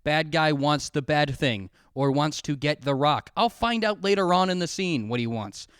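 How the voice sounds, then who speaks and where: A man's voice: fairly high pitch, animated, normal speed, fairly bright tone, clean tone, dry recording, studio quality. Profane young man ranting alone. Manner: profane, rambling, self-mocking, acts out quoted voices. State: drinking alcohol. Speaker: podcast host. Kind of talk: solo comedic rant. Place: alone at home, filming himself. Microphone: camera pointed at his face.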